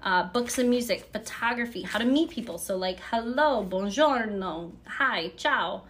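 A woman's voice: a little high, normal speed, a little hiss or hum. A woman from the United States hosting a podcast on her own, talking casually and rambling a bit as she reads travel phrases aloud from a book. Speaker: podcast host. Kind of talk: casual solo podcast talk.

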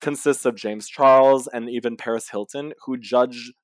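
A man in his twenties co-hosting a podcast in casual chat, wry and quick to laugh. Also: medium pitch, steady tone, dry recording, clean studio sound. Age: 20s. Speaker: podcast co-host. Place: indoors at home.

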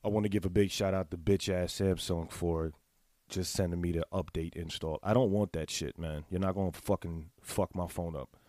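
A man in a casual, candid monologue, talking straight to his viewers in blunt, profane slang and clearing his throat now and then. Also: low-pitched, fairly even intonation, moderate pace, darkish tone, dry recording, studio quality. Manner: confessional, speaks to the audience directly. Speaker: vlogger giving sex advice.

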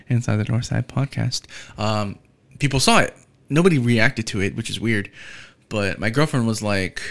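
A young man talks casually on his own podcast, swearing freely and drifting through a rambling story. His voice sits at an ordinary middle pitch, and he fills pauses with ums and quick asides. He slips in and out of quoted voices as he goes. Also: a bit bright. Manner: loose, profane storytelling with many ums and asides. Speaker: podcast host. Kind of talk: casual solo podcast monologue.

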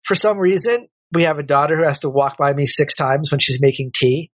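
A man's voice: a little high, a little fast, no room sound. A middle-aged man talking as a podcast guest in a casual, candid, rambling way, often correcting himself. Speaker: podcast guest, working father. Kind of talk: casual conversational interview.

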